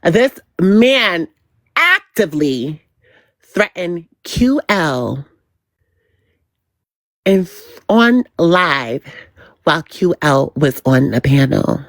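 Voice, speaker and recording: A woman streamer drags out every word at a very slow pace while she runs through gossip on her live. Her low voice swoops widely in pitch, and she leans on teasing, sing-song repetition. The sound is dry and close, with no room sound. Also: no room sound. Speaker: livestream host. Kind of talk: gossip commentary on a livestream.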